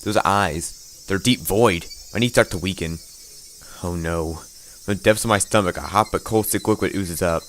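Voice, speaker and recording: A man reads a game's story aloud for a let's play, tense and dramatic, now and then tripping over words or adding a dry aside. His voice sits a little low. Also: moderate pace, a bit bright, slight background noise. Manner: tense reading with stumbles and asides. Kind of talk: dramatic reading of game text.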